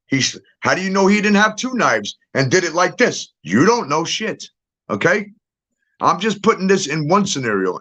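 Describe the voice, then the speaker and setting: A middle-aged true-crime commentator with a slightly high, somewhat bright voice delivers a casual, profane rant, bluntly laying out his theory and repeatedly asking "okay?". The lo-fi audio sounds dull.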